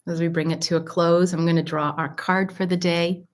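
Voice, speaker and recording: A middle-aged woman, a holistic health coach, leading a mindfulness exercise in a calm, earnest and encouraging way with gentle instructions. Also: fairly low pitch, brisk.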